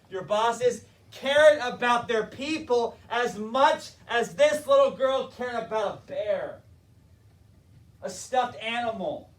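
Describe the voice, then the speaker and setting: A man telling a story in an impassioned motivational talk on leadership. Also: very high voice. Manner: impassioned storytelling, acts out characters. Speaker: motivational speaker, school board member. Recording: roomy, distant mic.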